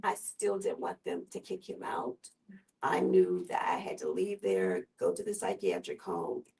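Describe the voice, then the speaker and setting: Gravelly woman telling her own story in conversation, lively pitch, sounds a bit far from the mic. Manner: earnest, unhurried storytelling. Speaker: guest. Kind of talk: personal testimony in conversation.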